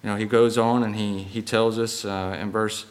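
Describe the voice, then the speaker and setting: A hoarse man preaching a sermon in a church, halting with fillers and restarts. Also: lowish voice, little pitch movement.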